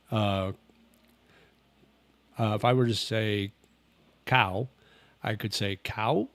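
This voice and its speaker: A man hosting a casual livestream, reading viewer comments and rambling relaxed with lots of fillers and chuckles. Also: mid-range voice, no echo. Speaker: livestream host. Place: home, living in Thailand.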